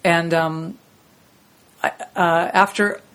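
A middle-aged woman, a voice actress, telling stories in a relaxed interview and acting out the people she quotes. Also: lowish voice, slow pace. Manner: lively anecdotal, acts out quoted people in shifting voices. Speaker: voice actress guest. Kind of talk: casual storytelling interview.

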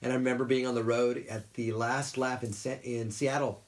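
A middle-aged man telling stories from his working life in an easygoing interview. He talks in a loose, rambling way and keeps breaking into short impressions of people. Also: medium pitch. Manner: animated storyteller who slips into quick character voices. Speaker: guest voice actor. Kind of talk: casual interview storytelling.

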